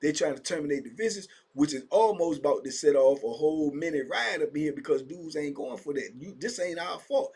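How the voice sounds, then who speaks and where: A man with a Virginia accent, his voice a little high for a man and slightly husky, tells prison stories in a loose, casual monologue. He gets animated and acts out the shouting of inmates and guards. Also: fairly quick, hardly any pauses. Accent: Southern US, Virginia. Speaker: storyteller recounting prison life.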